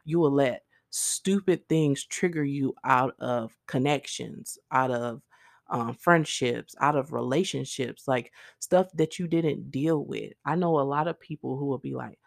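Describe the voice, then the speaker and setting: A woman's voice: very deep voice, measured pace, creaky, no echo, clean studio sound. A woman hosting her own podcast, talking earnestly to her listeners in a rambling, casual way, full of "like" and "literally.". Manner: speaks directly to listeners. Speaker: podcast host. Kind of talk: casual faith-based monologue.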